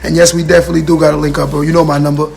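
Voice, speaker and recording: Faint, soft music sits behind a man giving a casual motivational talk on a livestream. He speaks very fast in a gravelly, slightly high voice with little pitch variation, earnestly repeating his points and answering his viewers' comments directly.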